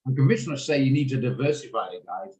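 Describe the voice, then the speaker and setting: A man leads a trading class over a video call. He talks quickly and hands-on, walking through each step at a middle pitch. The sound has a noticeable room echo. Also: animated, a little mellow. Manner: fast, hands-on step-by-step explaining. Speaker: trading instructor. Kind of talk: live online trading lesson.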